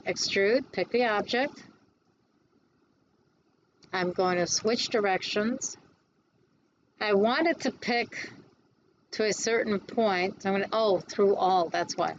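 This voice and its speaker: A woman instructor giving a classroom lecture on design software, chatty and quick to answer her own questions. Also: mid-range voice, muffled recording, a little hiss or hum.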